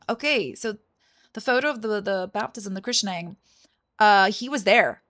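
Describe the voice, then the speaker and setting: A woman's voice: mid-range voice, normal speed, fairly bright tone, no room sound, studio quality. A woman hosting a game walkthrough, chatting casually and thinking aloud as she plays. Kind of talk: casual gameplay commentary.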